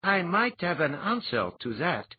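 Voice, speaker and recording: A man's voice: on the high side, sing-song, a little slow, slightly rough, no echo, voice pushed up, exaggerated voice. A man voicing a shrewd, confident duke who thinks in money. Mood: sly. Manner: sly, confident. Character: shrewd money-minded duke, merchant type. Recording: dull lo-fi audiobook recording.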